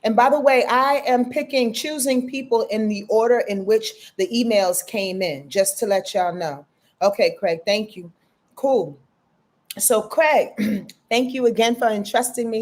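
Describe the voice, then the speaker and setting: Chatty woman astrologer, slightly high voice. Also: a little slow, a little mellow. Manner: frank, affectionate, profane, chatty. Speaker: astrologer giving live readings. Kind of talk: live-stream psychic reading.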